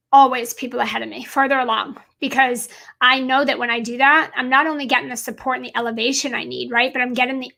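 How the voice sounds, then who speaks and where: A woman's voice: high voice, vocal fry, bright, forceful tone. A woman business coach giving an earnest, emphatic motivational talk on a livestream, repeating points for stress.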